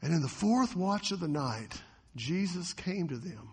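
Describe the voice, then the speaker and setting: A man preaching a sermon as a pastor, animated, often acting out the voices of the people in the story. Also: on the high side, measured pace, slightly rough, long reverb tail.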